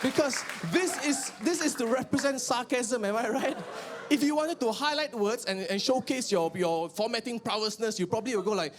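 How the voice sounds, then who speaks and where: Malaysian man, high voice, stand-up comic, animated and punchy, faint background hiss. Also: normal speed, a crowd in the background. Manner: animated, switches into mimicked relatives and bursts of shouting. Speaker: stand-up comedian. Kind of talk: stand-up comedy set. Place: live comedy venue with audience.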